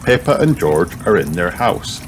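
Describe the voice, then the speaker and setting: A man reading a children's picture book aloud with expressive storytelling, with background hiss. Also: low voice, normal speed. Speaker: storybook reader.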